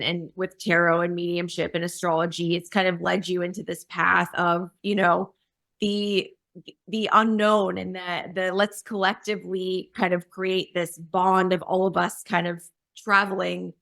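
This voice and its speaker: Gravelly-voiced woman hosting a podcast. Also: lowish voice, level tone, measured pace, no room sound, studio quality. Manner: warm, effusive, searches for words. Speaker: podcast host. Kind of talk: casual interview.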